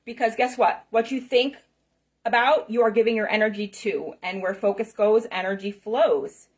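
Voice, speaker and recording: This middle-aged woman, a spiritual self-help speaker, gives a passionate, repetitive motivational talk to camera, emphatically asking "okay?" and "right?" along the way. She speaks at normal speed in a mid-range voice.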